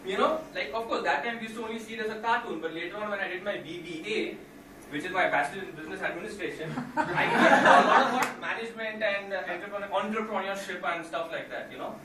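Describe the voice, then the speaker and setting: Male stand-up comic, animated delivery, distant mic, roomy sound. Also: sits high, fast talker. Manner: animated, jumps into loud impressions. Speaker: stand-up comedian. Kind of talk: stand-up comedy with impressions. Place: comedy venue with live audience. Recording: echoey room from far off with noise.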